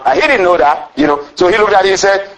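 A man with a high voice delivers a storytelling sermon. He preaches in an animated way, with sudden exclamations and chuckles between his points. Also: fast talker, rough recording.

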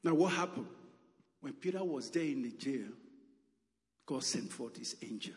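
A man's voice: mid-range voice, lively intonation, moderate pace, long reverb tail. A man preaching a sermon with emphatic calls and repeated exclamations.

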